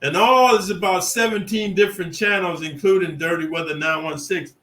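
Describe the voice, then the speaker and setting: A man's voice: high voice, moderate pace, pushed and bright, slight background noise, rough recording. A middle-aged man from California telling prison stories in a boastful, rambling, streetwise monologue. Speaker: prison storyteller. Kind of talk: casual profane monologue.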